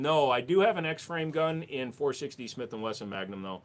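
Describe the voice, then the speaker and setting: A man's voice: mid-range voice, expressive, normal speed. A man with a Minnesota accent, casually answering viewer questions on a livestream in a blunt, profane way.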